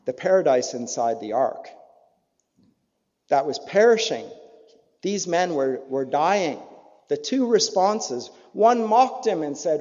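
A man preaching a sermon earnestly, his voice rising to emphatic peaks and dropping low again. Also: animated, takes it slowly, darkish tone. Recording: dull lo-fi sound in a reverberant hall.

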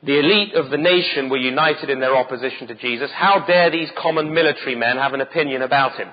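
Husky, urgent male preacher. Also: a little high, fast, few pauses, long reverb tail, dull audio. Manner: urgent, emphatic, rhetorical questions. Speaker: pastor. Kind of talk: sermon.

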